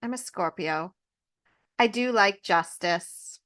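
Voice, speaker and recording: A woman hosting a podcast, retelling a fairy tale in a chatty, animated way with personal asides. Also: medium pitch, slow pace. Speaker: podcast host. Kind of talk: casual storytelling.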